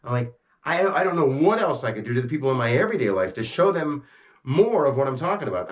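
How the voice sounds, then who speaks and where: A man talking intensely to a camera, amped up and agitated, swearing and swinging between rushed bursts and slow, heavy emphasis. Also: medium pitch. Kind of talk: rambling talk to camera.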